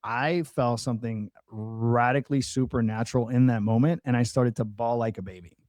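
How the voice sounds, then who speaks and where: A man's voice: medium pitch, steady tone, moderate pace, darkish tone, no echo. A man, a podcast guest, earnestly telling a personal testimony in conversation, with many restarts and fillers.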